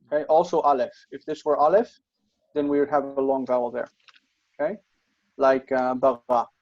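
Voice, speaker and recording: A man's voice: medium pitch, little pitch movement, moderate pace, a little mellow, muffled recording. A man tutoring Biblical Hebrew grammar, patient and explanatory, checking in often with his students. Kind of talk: online tutoring session.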